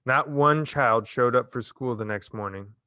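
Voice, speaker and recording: A man reading a novel chapter aloud in a measured, expressive storytelling manner. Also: mid-range voice, clean tone, dry recording, clean studio sound. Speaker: reader. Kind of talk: audiobook narration.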